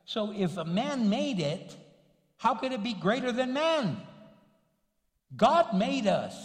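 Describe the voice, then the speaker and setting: A middle-aged man, a pastor, telling a story in a sermon with lively delivery and Spanish interjections. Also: high voice. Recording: long hall reverb.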